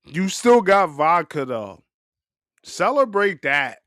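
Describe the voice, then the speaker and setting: A man's voice: high voice, big pitch swings, slow, a bit bright, no room sound, clean studio sound. A man hosting a podcast, riffing in loose, profane, joking casual chat. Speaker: podcast host.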